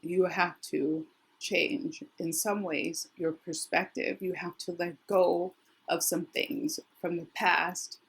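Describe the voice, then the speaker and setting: Middle-aged female tarot reader, low husky worn voice, chatty and rambling. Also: fairly even intonation, takes it slowly. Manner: chatty, thinks aloud, frequent restarts. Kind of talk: casual tarot reading to camera.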